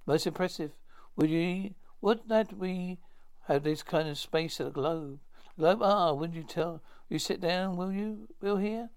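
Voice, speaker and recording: Man playing a fast-talking TV character, 1950s drama, fairly high voice, smooth and clear. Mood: brisk.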